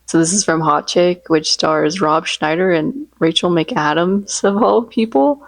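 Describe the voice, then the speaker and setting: A woman's voice: lowish voice, a little slow, creaky. A woman vlogging in a casual, rambling, chatty way, joking about her favorite memes and impressions. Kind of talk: casual chat.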